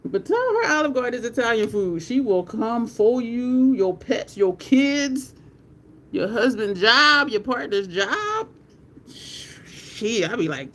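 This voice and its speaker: Her voice fairly high, sing-song and fairly bright, this middle-aged makeup livestreamer talks a little slowly. She chats and laughs with her audience, calling out viewers by name as she applies her makeup, with slight background noise.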